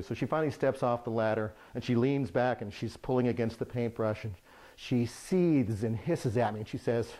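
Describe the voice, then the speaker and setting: A man's voice: medium pitch, moderate pace. Man telling a funny work story. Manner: lively, humorous anecdote-telling. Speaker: remodeling contractor. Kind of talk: storytelling to camera.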